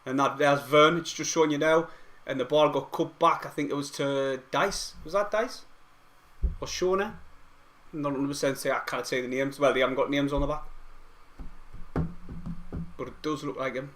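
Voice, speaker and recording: A young man with a broad Mackem accent from Sunderland, hosting a fan live stream with casual slangy chat and excited play-by-play. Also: a little high, normal speed, pauses often. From Sunderland, England.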